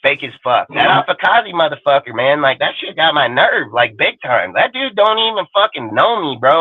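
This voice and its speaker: A man's voice: on the high side, dry recording. A man hosting a fan livestream, ranting in an angry, profane and defiant way. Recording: dry, phone-like narrow sound.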